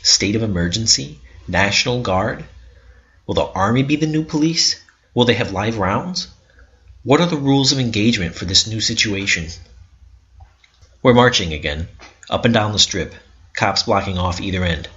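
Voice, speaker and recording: Man narrating with a sharp, bright tone. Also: fairly low pitch, lively intonation, normal speed, long pauses. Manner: intense, bitter storytelling. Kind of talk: first-person story narration. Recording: dull lo-fi recording.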